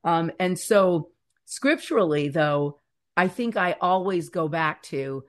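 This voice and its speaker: A woman's voice: lowish voice, slow pace. A woman in her fifties, a guest author, speaking earnestly and animatedly about faith, fear and scripture. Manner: earnest, animated storyteller who stretches key words. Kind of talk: faith-centered interview talk.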